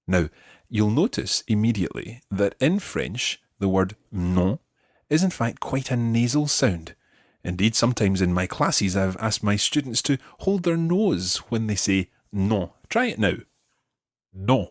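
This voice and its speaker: A man teaching a beginner language lesson on a podcast, patient and clear as he models words for learners to repeat. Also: lowish voice, big pitch swings, unhurried, no echo, studio quality.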